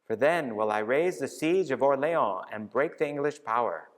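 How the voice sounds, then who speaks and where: A man reading aloud and voicing a devout, gentle young peasant woman, heard in a reverberant church hall. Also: medium pitch, animated, moderate pace, pitched above the performer's own voice, lightly acted. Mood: solemn.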